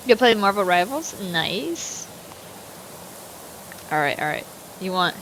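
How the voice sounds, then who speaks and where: A woman's voice: medium pitch, animated, slow pace, long pauses, a bit bright, slight background noise, low-quality recording. A woman streaming a new game, chatting with her viewers, giggling often and swearing freely. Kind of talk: casual live-stream commentary.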